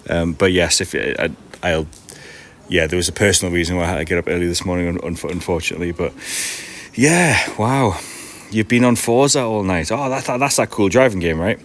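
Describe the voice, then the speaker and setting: Tired, rambling man, deep voice. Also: brisk, a bit bright, a little hiss or hum. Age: 40s. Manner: rambling and self-deprecating, with frequent restarts. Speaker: card seller and livestream host. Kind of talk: casual live-stream chat. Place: large glass-roofed old station hall, indoors.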